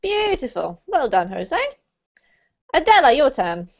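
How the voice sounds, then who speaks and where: A woman teaching a live online pronunciation class, praising students warmly and laughing often. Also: big pitch swings, unhurried. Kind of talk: live online group lesson. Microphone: video call. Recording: dull low-fidelity video call audio.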